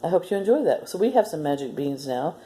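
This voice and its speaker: Female story time host for kids; low, mellow voice, gentle and patient. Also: very animated, fast talker, slight background noise. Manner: gentle, explaining step by step. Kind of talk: reading a story aloud to children, then a simple demo.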